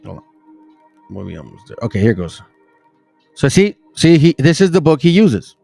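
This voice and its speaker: Gravelly-voiced man in casual chat. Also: on the high side, sing-song, normal speed, dark tone, faint music behind. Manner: informal, conversational, insisting he is not lying. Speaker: host showing a book page by page.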